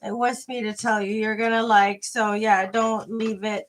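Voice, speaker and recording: A woman's voice: medium pitch, little pitch movement, normal speed. A woman giving a live tarot reading to viewers, hesitant and rambling, with many fillers and restarts, chatty and friendly. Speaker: tarot reader.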